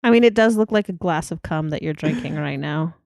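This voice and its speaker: Giggly low-voiced woman chatting. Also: brisk, creaky, a little mellow, dry recording, clean studio sound. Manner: giggly, playful, bawdy. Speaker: podcast co-host. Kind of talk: casual podcast chat.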